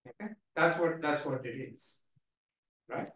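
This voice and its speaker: A man gives a playful seminar talk, keeps punctuating with "right?" and pushes his points hard. His voice sits high for a man, and it comes from some way off the mic in a very echoey lecture hall. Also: expressive, a little slow, a bit bright, distant mic. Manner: playful, emphatic, with many repeated "right?" tags. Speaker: guest speaker.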